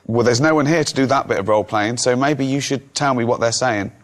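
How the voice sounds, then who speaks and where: A man's voice: medium pitch, brisk. A man bantering playfully and teasing his guest in a TV interview. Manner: teasing, lively, laughs easily. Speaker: show's co-creator.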